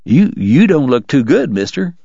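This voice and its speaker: A mumbling, unsteady young drunk, as a narrator puts him on, words a bit slurred and low. Dry, slightly dull sound. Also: male voice, sing-song, normal speed, gravelly, dark tone, breathy edge, dry recording, exaggerated voice.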